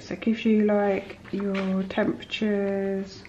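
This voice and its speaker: Slow, chatty woman in an echoey kitchen. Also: medium pitch, expressive, highs cut off. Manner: chatty, homely, rambling asides. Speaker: vlogger. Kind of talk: casual kitchen vlog chat. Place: home kitchen, indoors. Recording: echoey kitchen, clear background noise.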